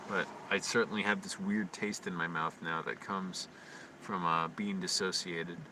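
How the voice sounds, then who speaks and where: Low-ish guy muttering anxiously on a late night livestream, kinda far from the mic, loud hum in the background. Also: fairly even intonation, unhurried. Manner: quiet, anxious self-talk with frequent restarts. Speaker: live streamer. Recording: distant mic with constant hum.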